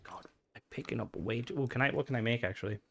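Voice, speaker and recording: Speaking fast in a mid-range, fairly bright voice with vocal fry, a man livestreams a video game over slight background noise. He chats casually with viewers, curses freely, and responds aloud to what unfolds on screen.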